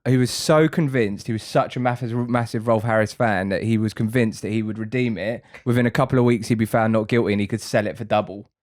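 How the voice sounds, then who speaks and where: A man's voice: fairly low pitch, steady tone, fast talker, hardly any pauses, darkish tone, dry recording, studio quality. A man telling a long funny story on a podcast, swearing freely and laughing along. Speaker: podcast co-host. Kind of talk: casual storytelling.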